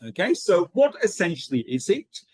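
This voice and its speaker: A man running an online teacher training session, talking in a steady rhythm with frequent ums and okays. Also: sits high, moderate pace, breathy edge, dry recording, rough recording.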